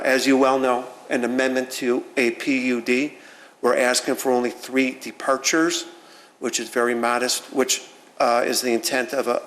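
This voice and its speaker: A man presenting as the petitioner's attorney at a public hearing, speaking in a measured way with many fillers. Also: mid-range voice, fairly bright tone. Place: village council chamber. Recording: roomy hall with faint noise.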